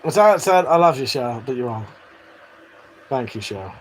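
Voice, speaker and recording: A man's voice: mid-range voice, expressive, normal speed, a little hiss or hum. A man hosting a livestream, reading out chat messages in a casual, joking way, swearing freely and laughing often. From Britain.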